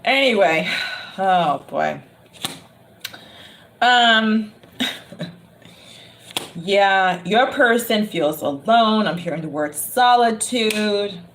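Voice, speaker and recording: A woman's voice: medium pitch, animated, very slow, pauses often, fairly bright tone. A woman giving a casual tarot reading, chatting and laughing often between remarks. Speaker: tarot reader. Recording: noticeable background noise.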